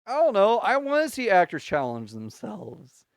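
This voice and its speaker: A man co-hosting a podcast, chatting casually and halting, restarting his sentences and laughing between points. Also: high voice, wildly swooping pitch, smooth, no room sound, studio quality. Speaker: podcast co-host. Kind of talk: casual chat reviewing a show.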